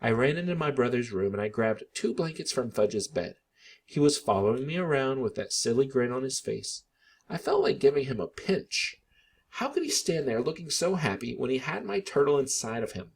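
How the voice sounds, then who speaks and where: A man narrating a children's story aloud, his pitch rising and falling with lively expression. His voice carries a husky, slightly breathy grain. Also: moderate pace. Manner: animated, expressive.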